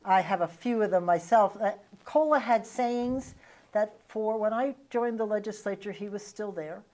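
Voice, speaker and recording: A middle-aged woman with a Vermont accent hosts a relaxed interview. She talks conversationally, recalls old stories and laughs readily. Her pitch sits in the middle range for a woman. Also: normal speed. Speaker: host and former legislator. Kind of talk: casual interview chat.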